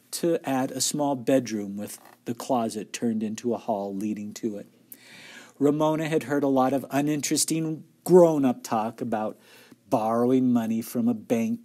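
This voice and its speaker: A man's voice: medium pitch, warm tone. Man reading a children's book aloud. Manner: friendly asides to young listeners. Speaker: storybook reader.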